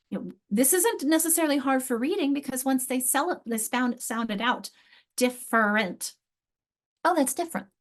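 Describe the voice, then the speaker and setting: A middle-aged woman giving an online workshop lecture on literacy, explaining with emphasis and frequent restarts. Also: a little high. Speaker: literacy instructor.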